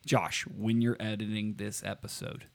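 A man's voice: on the low side, flat delivery, normal speed, vocal fry. A man hosting a podcast from a home studio, joking and swearing in casual chat. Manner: joking, swearing, rambling with restarts. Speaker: podcast host.

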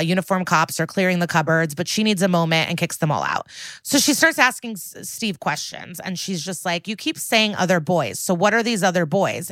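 Young woman podcast host, casual recap, lowish voice, dry close mic. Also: no echo. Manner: animated storytelling, quotes characters, swears and laughs.

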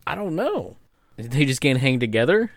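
Lively-voiced man in comedic banter. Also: mid-range voice, normal speed, dry recording, studio quality. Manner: incredulous, questioning, stammers when puzzled. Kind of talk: casual comedic chat.

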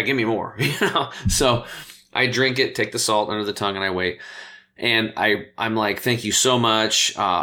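Man, health coach, low voice, rapid talk, animated storytelling. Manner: animated, acts out quoted voices. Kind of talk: casual interview storytelling.

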